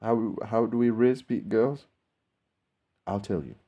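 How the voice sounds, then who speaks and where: Australian male host, low and mellow, slangy, profane, rambling storyteller. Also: slow pace, lo-fi sound. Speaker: video host. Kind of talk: casual storytelling to camera.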